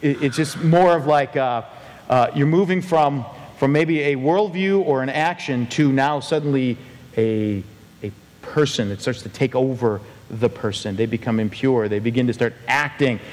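A man preaching a sermon as pastor, animated and acting out quoted voices with big pitch swings. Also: normal speed, long reverb tail.

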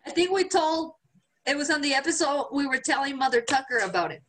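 There's slight background noise as a woman with a high-sitting voice talks fairly quickly. She's a podcast co-host relating a story in relaxed, foul-mouthed conversation, animated and playing out what others said.

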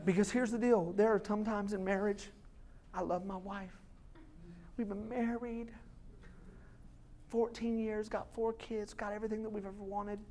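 A man's voice: high voice, flat delivery, normal speed, long pauses, dark tone. A pastor in his thirties preaches to his church. His delivery is chatty and informal, as if talking across a table. He drops into short quoted voices to make his points. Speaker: lead pastor. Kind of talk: sermon. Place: church sanctuary.

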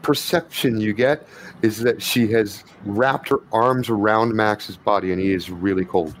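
A man narrating a tabletop game as game master, explaining rules and scenes in a relaxed, rambling way. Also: lowish voice, a little slow, slight background noise, rough recording.

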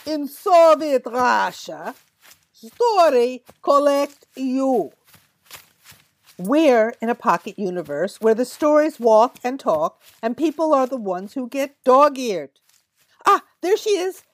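A woman's voice: a little high, very animated, unhurried, no room sound. An actress playing a knowing woman guide who leads a companion through a story universe, urgent and jokey. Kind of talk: audio drama acting.

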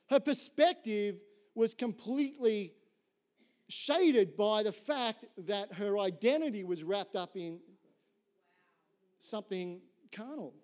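A middle-aged man preaching a sermon in an animated, conversational way, telling a story and often checking in with "right?". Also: high-pitched. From Australia. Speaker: pastor.

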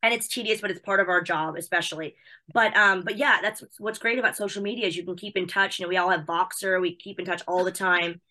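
Bubbly American woman guest, talks fast and chatty, excitable. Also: fairly low pitch. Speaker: interview guest, wrestling personality. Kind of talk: casual chat.

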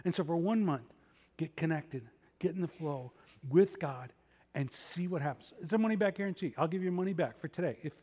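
A man's voice: a little high, fairly quick, a little mellow. A middle-aged man preaching a sermon as pastor, conversational with self-deprecating asides. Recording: long reverb of a large hall.

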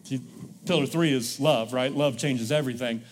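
A man's voice: medium pitch, normal speed, big-room sound, slight background noise. A male pastor preaching a sermon in a church, leading the congregation in call-and-response. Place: church sanctuary.

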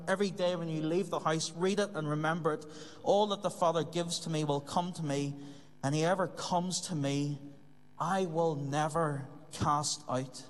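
A man preaching a sermon in an earnest way, repeating key phrases for emphasis. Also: fairly high pitch. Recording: long hall reverb.

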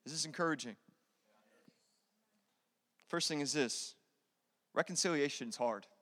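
A male pastor preaching a sermon in an energetic, conversational way, repeating key phrases. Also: a little high. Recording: long hall reverb.

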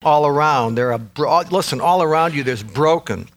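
A male pastor preaching a sermon with an emphatic, repetitive cadence, swinging from loud peaks to low intensity. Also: expressive, moderate pace, hardly any pauses.

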